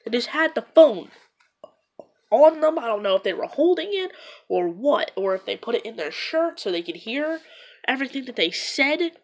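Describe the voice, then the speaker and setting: A woman's voice: fairly high pitch, very animated, moderate pace. Rambling woman vlogger talking casually. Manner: rambling, loose, full of "like". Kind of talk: casual retelling to camera.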